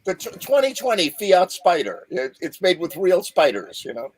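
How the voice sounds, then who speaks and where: A man's voice: sits high, huge pitch swings, normal speed, a little mellow, poor audio. Joking man hosting a live chat. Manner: joking, rambling storyteller. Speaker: show host. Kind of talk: casual chat on a live video call. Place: home studio with a green screen.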